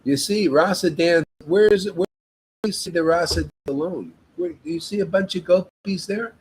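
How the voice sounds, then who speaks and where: A man's voice: high voice, normal speed, a little mellow, breathy edge, low-quality recording. A man leading a devotional meetup, giving an informal spiritual talk in an emphatic, exhorting way and often addressing listeners as "man".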